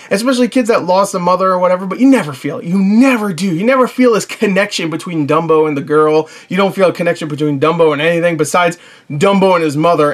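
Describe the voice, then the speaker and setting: A man giving a casual spoken movie review in a rambling, chatty way, with many fillers and restarts, blunt and informal, sometimes swearing. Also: high voice.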